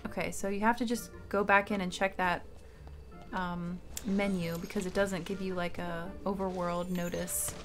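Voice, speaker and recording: A woman streamer commenting casually on her gameplay, thinking out loud with small hesitations. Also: fairly low pitch, little pitch movement, normal speed. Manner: thinking aloud, chatty with hesitations. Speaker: game streamer. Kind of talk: casual let's-play commentary. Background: faint game music.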